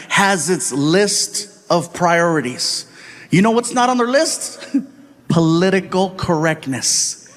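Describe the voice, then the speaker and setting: A man performing stand-up comedy, telling stories in an animated way and acting out the people in them. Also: high-pitched, slight background noise. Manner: animated, acts out voices and shouts. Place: comedy stage before a live audience.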